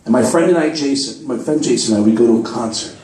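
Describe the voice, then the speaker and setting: A man doing stand-up storytelling in a comedy club, excitable and profane, acting out the voices of the people in his story. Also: medium pitch, fast talker. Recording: echoey club, mic heard from a distance.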